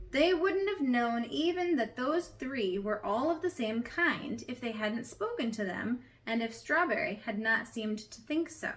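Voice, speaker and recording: A woman narrating a storybook aloud in a gentle, measured way. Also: a little high. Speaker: audiobook reader.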